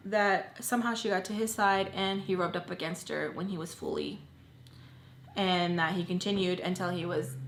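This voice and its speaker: A woman's voice: medium pitch, a little hiss or hum. Chatty young woman telling a story. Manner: chatty, animated, lots of "like" fillers. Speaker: storytime vlogger. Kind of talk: casual storytelling. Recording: roomy echo.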